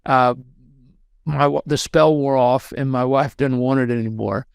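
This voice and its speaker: A man in his thirties, a podcast guest telling a story in an animated way and acting out the voices of the people in it. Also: mid-range voice, a little slow, vocal fry, clear, resonant tone, dry recording.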